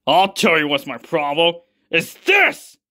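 A man's voice: fairly high pitch, huge pitch swings, a little slow, full character voice. Kazuya, a man playing a furious ranting father. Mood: enraged. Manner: shouting, swearing, ranting. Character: furious vengeful father, middle-aged man, hot-tempered.

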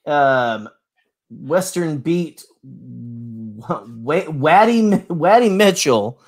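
A man's voice: a little high, extremely slow. A man co-hosting a livestream, cracking jokes while opening trading cards. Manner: playful, wisecracking, lively. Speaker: podcast co-host. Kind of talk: joking livestream banter.

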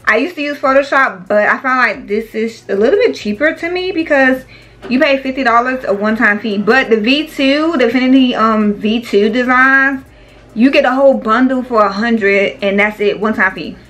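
A talkative woman vlogger, chatting straight to her viewers. Her voice sits a little high and has a bright, forceful edge. She keeps calling her audience "y'all" and "baby". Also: normal speed. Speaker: small business owner and vlogger. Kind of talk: casual chat to viewers.

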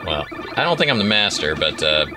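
A man's voice: low-pitched, sing-song, fairly quick, music in the background. A man hosting a casual show, chatting and reacting playfully as he plays a retro arcade game. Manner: playful, reacts loudly to the game, laughs often. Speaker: podcast host playing retro games. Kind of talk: casual chat while gaming.

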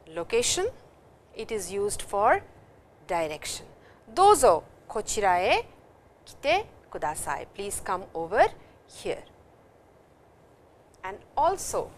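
In this recorded Japanese lecture, the teacher, a woman with an Indian English accent, reads out example sentences and explains each in English. She speaks a little high with a somewhat bright tone, over slight background noise.

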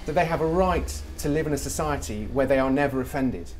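A man's voice: medium pitch, expressive, brisk, darkish tone, slight background noise. A middle-aged man from England, a comedy writer talking animatedly in an interview and slipping into mock voices when he quotes people. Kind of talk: conversational interview.

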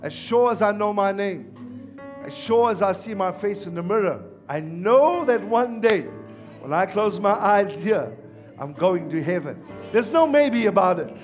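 A male pastor preaching a sermon at a church service, animated and repeatedly calling on the congregation to respond. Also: high voice, a little slow, soft background music. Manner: animated, calls for audience response.

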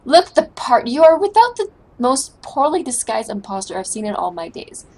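A woman's voice: sits high, big pitch swings, moderate pace, darkish tone, husky, exaggerated voice. A woman voicing a scornful male pirate-gang boss, reading game dialogue in a sneering, commanding way.

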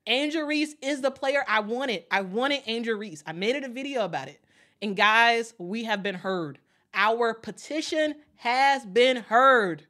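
A woman's voice: a little high, measured pace. A woman from Chicago reacts live on her own sports channel. She gushes and repeats herself, calling on her viewers to cheer along with her. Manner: energetic, repetitive, hypes up viewers. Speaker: sports YouTuber. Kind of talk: excited live reaction vlog.

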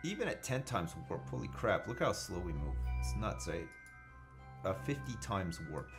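A man's voice: lowish voice, big pitch swings, moderate pace, over music. A man casually commenting on his own space game live, joking, swearing and thinking aloud as he reads chat. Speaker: gaming livestreamer.

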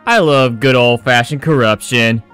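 A man's voice: mid-range voice, measured pace, fairly bright tone, clear, resonant tone, soft background music. A man giving sarcastic, crude, joking commentary over his game playthrough. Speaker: gaming video creator.

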